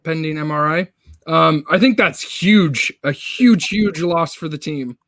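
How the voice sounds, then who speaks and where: A man's voice: fairly high pitch, unhurried, fairly bright tone, no room sound. A man co-hosting a casual sports podcast, talking loosely and asking questions about the teams. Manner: loose and conversational, asks questions. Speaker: podcast co-host.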